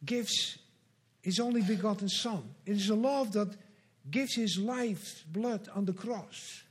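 A pastor preaching a sermon, earnest and measured, with slow emphatic repetitions. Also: male voice, high-pitched, slightly rough.

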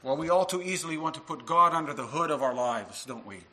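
A man's voice: fairly high pitch, expressive, fast, pushed and bright, poor audio. A male minister preaching a sermon to his congregation, earnest and full of rhetorical questions.

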